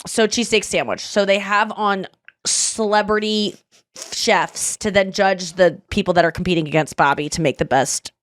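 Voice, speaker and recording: A young adult woman hosting a podcast, chatting casually and animatedly, breaking into loud mock voices. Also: medium pitch, normal speed. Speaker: podcast host.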